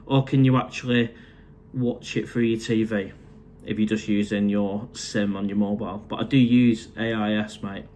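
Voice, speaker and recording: A man's voice: lowish voice, fairly even intonation, moderate pace, a little mellow, slight background noise. A man, casually chatting on a live stream from his condo, reading out viewer comments and calling everyone mate. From England.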